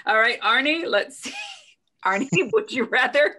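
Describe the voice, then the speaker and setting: A woman hosting a casual video call, bubbly and playful, laughing often as she runs a quick question round. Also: on the high side, lively intonation, bright, forceful tone. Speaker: host.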